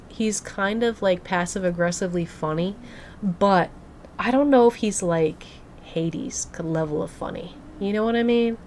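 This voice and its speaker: A woman's voice: mid-range voice, a little mellow, slight background noise. A young woman streamer chatting casually and gushing to her live chat, full of "like" fillers. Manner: bubbly, gushing, filler-heavy. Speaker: game streamer.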